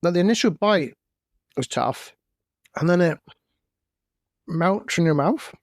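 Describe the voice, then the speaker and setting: A man's voice: high voice, expressive, a little slow, no echo, clean studio sound. A man co-hosting a podcast, chatting casually and searching for words while tasting snacks. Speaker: podcast co-host. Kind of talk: casual chat, taste-testing snacks.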